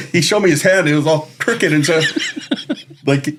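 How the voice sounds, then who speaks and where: A man's voice: fairly high pitch, expressive, a little slow, fairly bright tone. A middle-aged man, a retired deputy, recalling old times in a laid-back, amused way with casual slang. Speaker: retired sheriff's deputy, guest. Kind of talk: casual storytelling chat.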